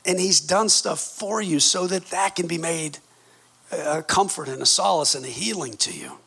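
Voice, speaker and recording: Fifties male preacher, high gravelly voice, husky edge, passionate, quiet-to-shouting swings. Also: animated, moderate pace. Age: 50s. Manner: passionate, swings from low intimate tones to shouted exclamations. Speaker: pastor. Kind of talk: sermon.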